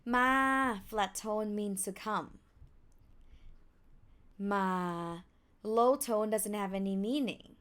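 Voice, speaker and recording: A young woman with a Thai accent teaching a language lesson, slowing right down to sound out each tone. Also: mid-range voice, fairly even intonation. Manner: slow, careful, drawn-out tone demonstrations.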